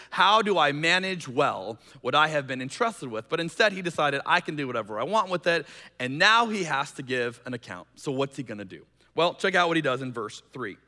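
A male pastor preaching with a bright, forceful voice that sits a little high for a man. He tells stories and acts out the people in them. His voice carries a long hall reverb. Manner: storytelling, acts out quoted voices. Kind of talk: sermon with a personal story. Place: church hall.

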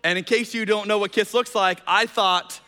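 Bright-voiced male pastor preaching in a hall. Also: sits high, steady tone, moderate pace. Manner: storytelling, acts out quoted voices. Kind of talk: sermon with a personal story. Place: church hall. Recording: long hall reverb.

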